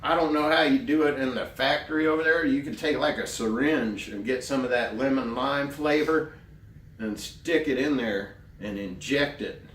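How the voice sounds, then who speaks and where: A man playing a naive, earnest grown man who rambles slowly through a voicemail in deadpan comedy, recorded at a distance in a roomy space. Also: mid-range voice, slight background noise, close to an everyday voice. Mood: earnest rambling. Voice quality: rambling, meandering, slow and earnest. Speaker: comedy character leaving a voicemail. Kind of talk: deadpan character comedy monologue. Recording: roomy, distant mic, faint ambience.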